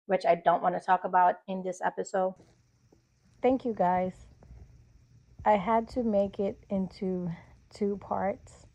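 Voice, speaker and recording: An American woman in her thirties tells a personal testimony of faith. She speaks in a mid-pitched voice, emphatic and animated, and acts out the words of the people in her story. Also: vocal fry. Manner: expressive, emphatic, animated quoting of others. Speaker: faith podcast host.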